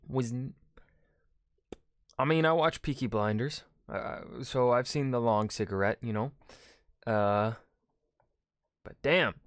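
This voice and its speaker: A man's voice: medium pitch, no echo, clean studio sound. A man hosting a history reaction video, talking casually and rambling, swearing freely.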